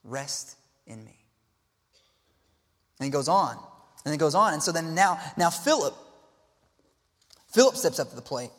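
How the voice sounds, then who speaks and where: A man preaching a sermon with a high, light voice that carries through a church with long reverb. He is expressive, sinking to quiet, reflective passages and then lifting into exclaiming ones. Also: a little slow, pauses often. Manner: expressive, swinging between hushed and exclaiming. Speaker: pastor. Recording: long reverb of a large hall.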